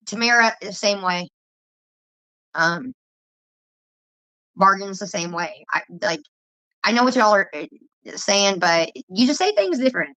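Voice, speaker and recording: A woman's voice: mid-range voice, expressive, measured pace, pauses often, sharp tone, no echo, rough recording. A woman chatting casually and rambling, laughing and swearing as she talks. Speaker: streamer chatting with viewers. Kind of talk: casual livestream chat.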